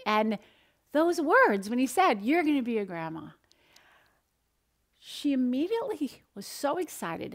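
Lively woman dietitian teaching nutrition. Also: mid-range voice. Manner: animated, asks the audience questions, acts out quoted voices. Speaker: dietitian presenter. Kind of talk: energetic nutrition talk with storytelling.

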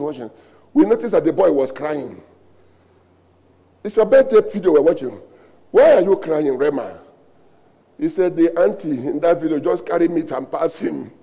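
Pastor, Nigerian-accented man, high voice with a gravelly edge; emphatic sermon delivery, lots of repetition. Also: lively intonation, moderate pace, long pauses, dark tone. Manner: emphatic preaching with rhetorical questions and repetition.

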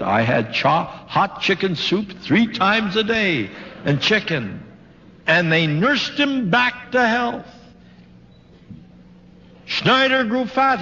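A man's voice: high-pitched, fairly bright tone, slight background noise. An older man giving a sermon to a congregation, retelling a story with dramatic quoted voices. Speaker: preacher giving a talk. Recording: old lo-fi recording in a large reverberant hall.

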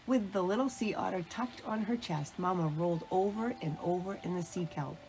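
A woman reading a children's bedtime story aloud in a calm, gentle storytelling manner. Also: lowish voice, normal speed, slight background noise, poor audio. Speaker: storybook reader.

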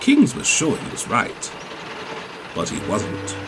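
Man narrating a storybook over music. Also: takes it slowly. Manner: steady, lower-pitched telling. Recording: music playing behind.

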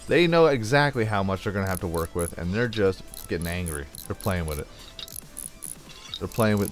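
A man's voice: sits low, animated, normal speed, faint music behind. A young man hosting a gameplay video, telling rambling jokey stories into a desk mic while he plays, with little sound effects. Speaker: let's play host. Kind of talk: casual gameplay chat. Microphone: desk microphone.

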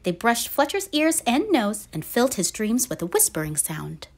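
A woman reading a children's picture book aloud in a gentle, expressive storytelling manner. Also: on the high side, moderate pace. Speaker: storybook reader.

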